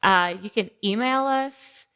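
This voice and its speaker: A woman guest on a podcast, upbeat and quick to laugh. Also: medium pitch, pushed and bright, smooth. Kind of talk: casual podcast chat.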